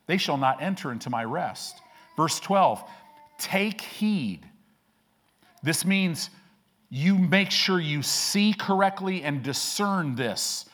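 A man preaching a sermon in a church with a higher-pitched voice. He preaches with fervor, pushing his voice up into loud, emphatic peaks and then dropping back down. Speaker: pastor. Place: church sanctuary.

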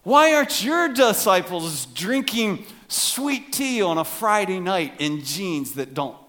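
A male pastor delivers a humorous sermon in a church sanctuary. His voice sits a little high for a man. He swings from animated punchlines down to quiet, reflective asides. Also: slow. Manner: jokey, animated, drops to soft asides.

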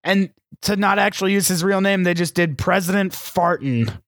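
A man's voice: high voice, normal speed, fairly bright tone, dry recording, clean studio sound. A man co-hosting a casual movie-review podcast, joking and riffing with put-on quotes. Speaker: podcast co-host.

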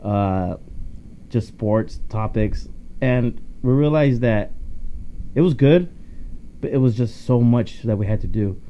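Profane, joking man with a dark voice. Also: medium pitch, expressive, slow, pauses often. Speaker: podcast co-host. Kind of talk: casual chat.

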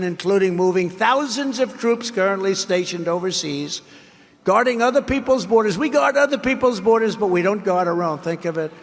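A man delivers a campaign speech in emphatic, boastful rally oratory, circling back on his own phrases. His voice sits fairly high for a man. A long reverb trails each line through a large hall. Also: a bit bright, slight background noise. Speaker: political candidate.

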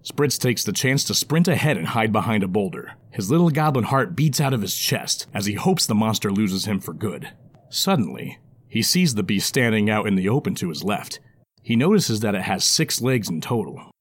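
A man narrating a fantasy story in a lively, expressive storytelling manner. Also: on the low side, normal speed, husky.

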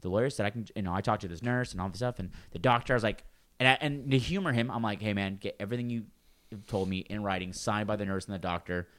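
A man's voice: lowish voice, fast. A man in casual chat, telling a long work story with lots of acted-out quotes and swearing. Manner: animated storytelling, swears freely, acts out coworkers' lines.

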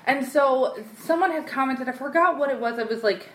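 A woman with a fairly high voice, chatting bluntly and with strong opinions. The room rings with a clear echo around her. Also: fairly quick. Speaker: podcast co-host. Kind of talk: casual chat. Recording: roomy echo.

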